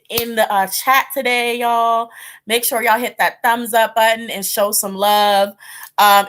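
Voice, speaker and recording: On her tarot channel's livestream, a woman with a highish, somewhat bright voice rambles in casual chat. Fillers and laughs pepper her talk, and she acts out her own reactions in quoted voices.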